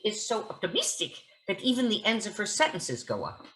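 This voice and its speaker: Theatrical actress telling stories. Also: female voice, medium pitch, big pitch swings, brisk, a bit bright, rough recording. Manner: theatrical, vivid storyteller. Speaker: actress and interview guest. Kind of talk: onstage conversation at a book talk.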